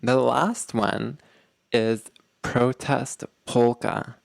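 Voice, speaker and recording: A young adult man hosting a podcast, explaining ideas to listeners in an animated way and acting out quoted arguments with loose filler words. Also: mid-range voice, extremely slow, gravelly, no room sound. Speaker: podcast host.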